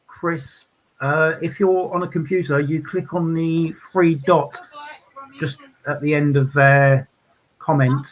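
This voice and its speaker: Man, London accent, stream guest, calm, matter-of-fact, slightly high voice. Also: takes it slowly, low-quality recording. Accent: London English. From London, England. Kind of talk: casual chat.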